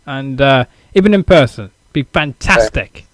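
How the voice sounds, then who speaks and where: A British man hosting a casual podcast interview, halting and repeating words with many fillers. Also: mid-range voice, lively intonation, no echo. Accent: British English. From United Kingdom. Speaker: podcast host.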